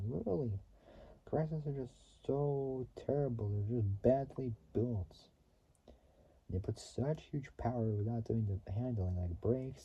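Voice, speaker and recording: Very dark-voiced rambling man, lo-fi. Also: medium pitch, husky. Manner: rambling, often restarts and corrects himself. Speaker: gaming video host. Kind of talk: casual game commentary.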